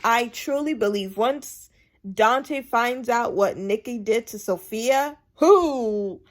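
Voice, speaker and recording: A woman chatting casually through a TV episode recap, animated and emphatic, repeating her points for effect. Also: a little high, takes it slowly. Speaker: TV show recap vlogger.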